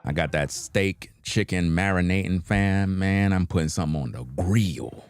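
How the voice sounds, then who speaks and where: Deep-voiced New man chatting. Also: normal speed. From New York. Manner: laid-back slang, frequent "you know what I mean", chuckling. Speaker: livestream host reacting to videos. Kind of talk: casual livestream chat.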